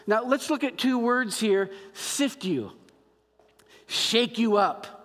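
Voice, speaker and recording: A man preaching a sermon as pastor, animated and acting out biblical dialogue in quoted voices. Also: extremely high pitch, takes it slowly. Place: church sanctuary. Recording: long hall reverb.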